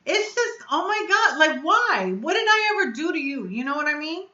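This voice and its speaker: A woman's voice: high voice, big pitch swings, a little fast, sharp tone, roomy sound, muffled recording. A woman hosting her own live stream as a reviewer, upset and blunt, venting and cursing as she speaks to her chat. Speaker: vape reviewer and channel host.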